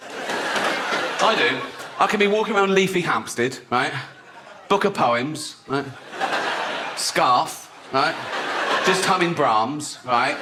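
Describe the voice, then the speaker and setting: An English man in his sixties works a big room as a stand-up comic, his voice sitting a little high as he mocks and cackles at his own jokes. Recorded live on a stage mic, with loud crowd laughter rolling in around him. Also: lively intonation, slow, pauses often, very noisy. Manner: brash and mocking, often laughing at his own lines. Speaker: stand-up comedian. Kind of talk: stand-up comedy set. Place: large theatre with a live audience. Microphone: stage microphone. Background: audience laughter.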